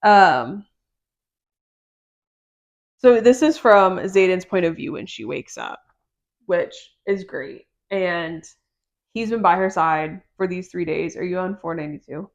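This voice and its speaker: A woman's voice: lowish voice, measured pace, long pauses. A woman co-hosting a podcast, chatting casually about a book and retelling scenes in quoted dialogue. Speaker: podcast co-host.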